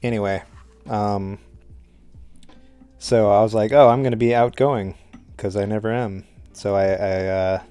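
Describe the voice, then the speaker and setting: A man's voice: fairly low pitch, fairly even intonation, a little slow, warm tone, clean tone, no room sound, faint music behind. A man telling a rambling story on a live stream while he paints, hesitant and self-conscious, with a dry throat.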